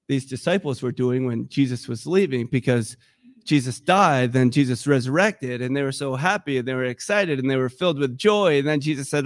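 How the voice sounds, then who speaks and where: A man's voice: mid-range voice, moderate pace, dry recording, clean studio sound. A man preaching a sermon in a church, talking in a conversational, emotional and impassioned way. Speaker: pastor.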